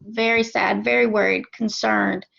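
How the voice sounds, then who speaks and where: A woman's voice: medium pitch, fairly even intonation, measured pace, gravelly, a bit bright, full character voice. A woman playing a worried grandmother in a role-play, stammering and hedging. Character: worried grandmother, mother of the daughter. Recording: muffled lo-fi recording.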